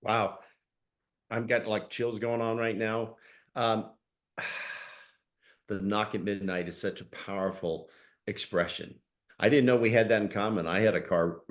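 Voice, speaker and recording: Animated laughing male host. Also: on the low side, measured pace, pauses often. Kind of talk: conversational interview.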